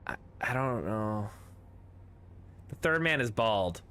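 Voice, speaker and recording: A man's voice: on the low side, expressive, slow pace, bright, forceful tone, a little hiss or hum. A man streaming a tabletop game with friends, chatting casually, rambling through jokes and riddles and swearing now and then.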